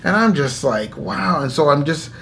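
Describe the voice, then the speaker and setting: Animated man telling a faith story. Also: a little high, moderate pace, gravelly, a little hiss or hum. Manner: animated storyteller acting out inner dialogue; laughs often between phrases. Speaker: host. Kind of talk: casual spoken testimony.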